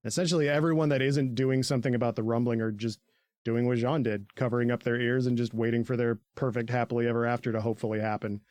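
A man's voice: mid-range voice, steady tone, fast talker, darkish tone, no echo. A man co-hosting a podcast, recapping an episode in casual chat, laughing often, swearing freely and slipping into goofy voices for the characters. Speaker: podcast co-host.

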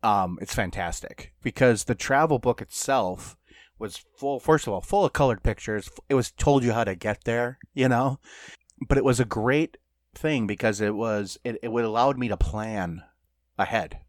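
A man co-hosts a podcast and talks in a loose, rambling way, full of "like" and "you know". His voice sits at an ordinary pitch. The sound is dry and close, with no room echo. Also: moderate pace. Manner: rambling, filler-heavy storytelling. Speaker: podcast co-host. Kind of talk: casual chat.

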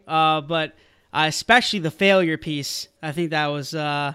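A man's voice: a little high, fairly even intonation, normal speed, a bit bright, clean tone. A man hosting an interview podcast, upbeat and effusive in his praise and sign-off. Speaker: podcast host. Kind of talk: enthusiastic interview host.

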